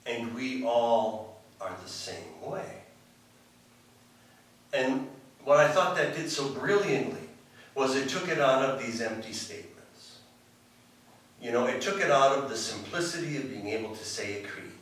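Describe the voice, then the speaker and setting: A man's voice: medium pitch, expressive, a little slow, long pauses, a bit bright, very echoey, recorded from a distance, poor audio. A man preaching a sermon in a loose, conversational way, full of restarts and asides. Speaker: pastor. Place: church sanctuary.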